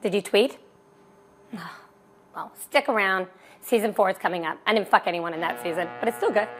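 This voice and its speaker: A woman's voice: mid-range voice, fairly quick, fairly bright tone, faint music behind. A woman hosting a comedy showcase, bantering in a wry, campy way. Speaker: show host.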